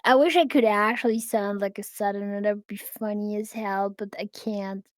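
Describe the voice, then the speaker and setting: A woman's voice: medium pitch, fairly even intonation, moderate pace, no room sound, studio quality. A woman, a guest painting coach, chatting casually in a joking, playful manner. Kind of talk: casual chat.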